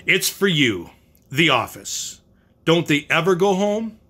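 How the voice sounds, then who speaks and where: Man doing a fussy cold wife, curt, disapproving, lively pitch. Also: takes it slowly, full character voice. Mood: annoyed.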